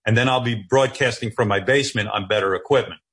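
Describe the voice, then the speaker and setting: A man hosting a talk show from his home office over a video call, asking quick prying questions and teasing his guest. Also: fairly low pitch, a bit bright, breathy edge. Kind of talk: casual interview chat.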